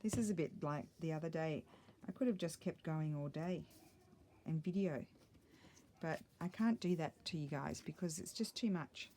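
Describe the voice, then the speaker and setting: Mellow chatty woman crafting. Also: low-pitched, normal speed, slight background noise. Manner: chatty, thinks aloud, muttering asides. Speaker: craft vlogger. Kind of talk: casual crafting chat.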